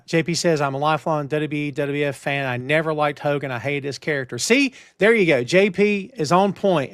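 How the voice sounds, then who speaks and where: A man hosting a wrestling news talk show, emphatic and animated, with lots of restarts. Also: on the high side, dry recording, studio quality. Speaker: podcast host. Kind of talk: casual wrestling news chat.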